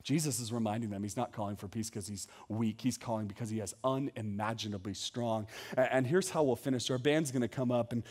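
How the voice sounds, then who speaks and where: A man's voice: mid-range voice, brisk, few pauses, darkish tone, husky. A young adult man preaching a sermon as a pastor, earnest and emphatic, with many rhetorical questions.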